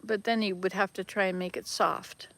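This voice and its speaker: A woman's voice: mid-range voice, steady tone, normal speed, a bit bright, no echo. Chatty older woman vlogging outdoors. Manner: chatty, rambling, self-correcting. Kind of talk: casual travel vlog. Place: outdoors at a rural hut. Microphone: handheld camera.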